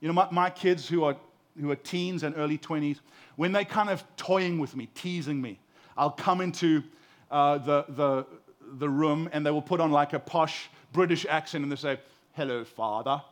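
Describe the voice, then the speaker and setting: Impassioned man preaching, raised pitch. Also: normal speed. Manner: impassioned, swinging from loud emphasis to hushed tenderness; repeats words when building a point. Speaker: pastor. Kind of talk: sermon.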